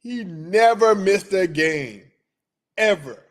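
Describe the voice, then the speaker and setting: A man hosting a casual sports talk livestream, slangy and excitable, rambling about his picks. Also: high-pitched, slow pace. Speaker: sports podcast host.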